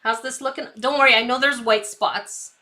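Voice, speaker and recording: At a moderate pace, this woman talks in a slightly high, pushed, bright voice with a steady tone. Running a live painting tutorial stream, she reads viewer comments aloud, chats with her audience and herself, and giggles frequently as she paints.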